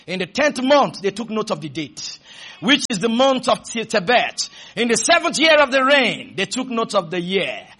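High, husky, shouting preacher. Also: male voice, big pitch swings. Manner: shouting, drawn-out preaching with call-and-response. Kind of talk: sermon.

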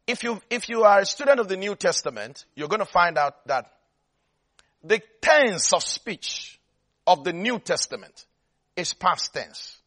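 A man's voice: high voice, big pitch swings, unhurried, a bit bright. A man preaching a sermon, driving points home with repetition and often checking that his listeners are following.

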